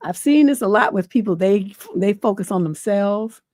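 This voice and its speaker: A woman's voice: medium pitch, expressive, normal speed, darkish tone, no echo, studio quality. A middle-aged woman hosting a livestream advice show, reading a viewer's letter and then giving frank, folksy advice. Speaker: relationship advice host.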